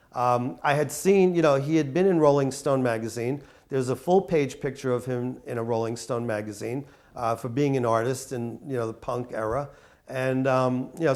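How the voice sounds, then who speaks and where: A man of ordinary pitch telling an anecdote in a documentary interview. He rambles casually, leaning on fillers as he goes. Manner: casual, filler-heavy storytelling.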